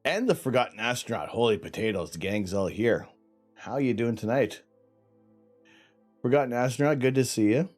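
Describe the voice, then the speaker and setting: A man's voice: mid-range voice, expressive, normal speed, pauses often, a little mellow, soft background music. A man hosting a live stream in casual, rambling chat, his tongue and lips numb, often sighing. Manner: rambling, chatty, sighs often. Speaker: livestream host. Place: home setup during night imaging.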